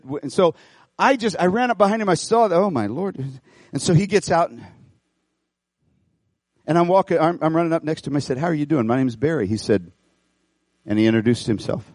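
A middle-aged man pastoring a church, preaching an animated sermon, folksy and full of repeated phrases as he tells a story. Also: on the high side, normal speed, no echo, studio quality. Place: church auditorium.

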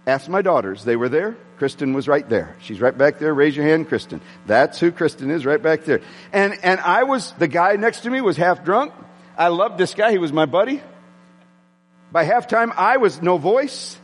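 A man preaching a sermon to his congregation, excitable and prone to yelling. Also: on the high side, normal speed. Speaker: pastor. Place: church sanctuary with congregation. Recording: long hall reverb.

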